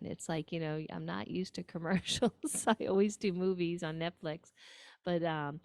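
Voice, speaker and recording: A woman's voice: fairly low pitch, darkish tone, no room sound. A woman with a New York accent hosting a nutrition show, giving casual, chatty advice with frequent asides and ums.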